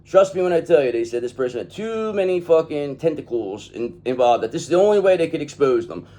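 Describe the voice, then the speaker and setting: A man reads tarot cards in a lively, swooping voice that sits a little high for a man. He talks emphatically and swears freely, and he keeps checking in with "okay?". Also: fast talker. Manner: emphatic, profane, repeats "okay?". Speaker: tarot reader. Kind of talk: tarot reading monologue.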